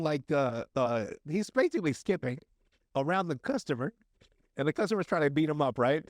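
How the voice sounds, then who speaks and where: A man's voice: a little high, no echo, studio quality. A man hosting a podcast, telling a story in casual, crude chat full of fillers and restarts. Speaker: podcast host.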